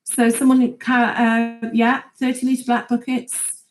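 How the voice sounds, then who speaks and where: A woman's voice: on the high side, little pitch movement, a little slow, low-quality recording. A woman hosting a gardening live chat, chatting casually and laughing often as she reads viewer comments aloud.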